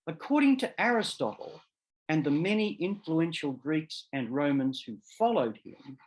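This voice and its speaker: A man's voice: on the high side, poor audio. Law prof guy lecturing, voice goes up and down a lot, careful and explaining, fixes himself now and then. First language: English. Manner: measured, explanatory, repeats key terms; occasional self-corrections. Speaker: law professor. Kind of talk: academic seminar lecture.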